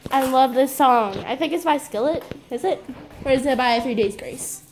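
A woman's voice: high voice, moderate pace, darkish tone, soft background music. A woman vlogging casually to her viewers and her dog, playful and giggly, calling herself weird. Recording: noisy home video with wind.

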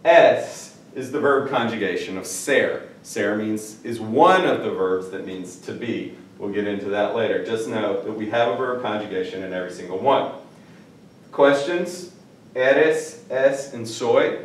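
Male teacher, animated, joking, heard from a distance in a roomy classroom. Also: fairly low pitch. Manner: lively, jokey, stretches out Spanish words slowly. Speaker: Spanish teacher. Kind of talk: classroom vocabulary lesson. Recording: echoey room, mic at a distance.

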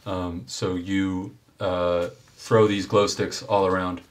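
A man narrating a tabletop game as game master, unhurried and thinking aloud with fillers. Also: low voice, little pitch movement, slight background noise.

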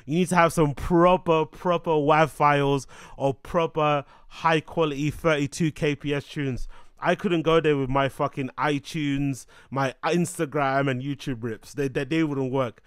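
A man hosting a show, chatting in an animated, joking way with frequent swearing. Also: on the high side, moderate pace, clean tone, no echo, clean studio sound. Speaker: show host. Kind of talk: casual commentary.

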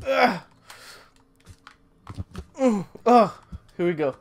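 A hoarse gaming host losing their voice, swearing and cheering through casual gameplay commentary at home. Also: mid-range voice, expressive, drawn-out words, pauses often, soft background music. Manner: profane, talks to the game, grunts and cheers while playing. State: hoarse, voice giving out from sickness.

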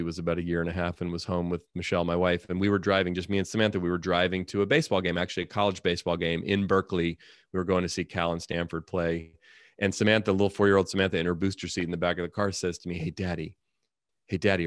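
Earnest deep-voiced man telling a story. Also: dry recording, studio quality. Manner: earnest, reflective storytelling, acts out dialogue. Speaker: guest, author and speaker. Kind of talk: storytelling in a podcast interview.

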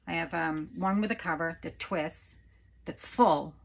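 A woman's voice: sits low, unhurried, gravelly, poor audio. A woman hosting a casual craft tutorial from her home craft room, chatty and rambling with many fillers, a little out of breath. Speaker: craft channel host.

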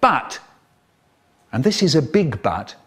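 A man's voice: fairly high pitch, sing-song, takes it slowly, a bit bright, a little hiss or hum. A man telling playful children's stories in a comedic spliced edit, acting out characters in different voices. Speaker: storyteller.

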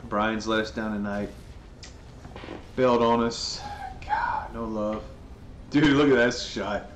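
A man giving excitable, jokey gameplay commentary, swearing now and then. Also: on the low side, slow pace. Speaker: gamer. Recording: roomy sound with background noise.

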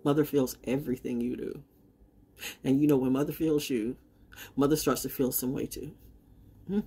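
A woman in her sixties giving a defiant, rambling monologue, swinging from loud outbursts to low mutters. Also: fairly even intonation, normal speed, long pauses, breathy edge. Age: 60s. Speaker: vlogger. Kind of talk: unscripted monologue.

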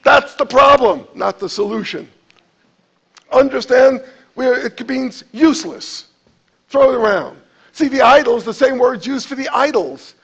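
Guy preaching a sermon, high-pitched husky voice, kinda dull lo-fi sound. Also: measured pace. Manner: animated, acts out quotes with jumps in pitch and volume. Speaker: pastor.

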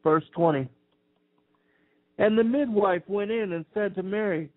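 High voiced guy slowly reading old scripture, sounds like a phone line. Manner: slow, measured, archaic phrasing. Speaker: scripture reader.

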